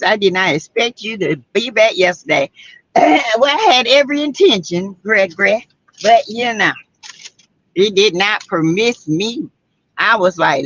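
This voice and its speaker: A Southern-accented woman hosting a laid-back livestream, reading out viewer comments and greeting people by name. She talks slowly, with a voice pitched a little high. The sound is dull and lo-fi. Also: a bit bright, no echo. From South Carolina. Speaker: livestream host.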